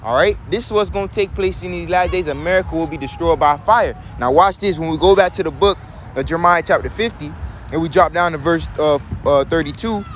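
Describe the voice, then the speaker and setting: Guy with a pretty high voice preaching, reads bible verses slow then breaks them down, keeps asking all right?, a little bit of background noise. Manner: reads verses slowly, then explains with rhetorical check-ins; emphatic, preachy. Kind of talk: scripture teaching.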